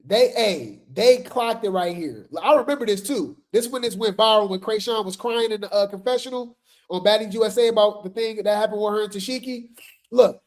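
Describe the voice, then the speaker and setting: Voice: mid-range voice, a little fast. Chatty gossip commentary host. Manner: chatty, addresses viewers as "y'all", filler "right?"; laughs while talking.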